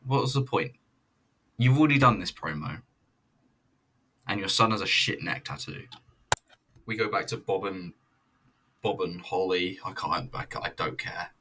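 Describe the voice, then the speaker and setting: A man's voice: low voice, a little slow, pauses often, sharp tone, slight background noise. A man reviewing a wrestling show in casual, rambling commentary, blunt and sweary. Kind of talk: casual commentary over footage.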